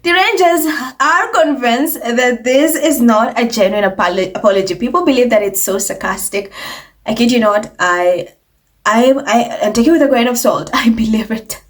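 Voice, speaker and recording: A woman delivers a heated commentary vlog with a fairly high voice. She sounds sarcastic and mocking, and she slips into exaggerated put-on voices to imitate people. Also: moderate pace. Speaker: commentary channel host.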